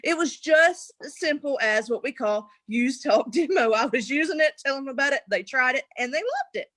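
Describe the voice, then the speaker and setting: A woman's voice: high voice, normal speed, dry recording. A young adult woman, a guest in an interview, telling her story casually and acting out what people said, laughing often. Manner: animated, acts out quotes, laughs often.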